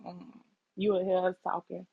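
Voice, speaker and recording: Gravelly interview guest. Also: mid-range voice, completely flat delivery, normal speed, dry recording, narrow, tinny audio. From Chicago. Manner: thoughtful and hesitant, many "like" and "um". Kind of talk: casual interview chat.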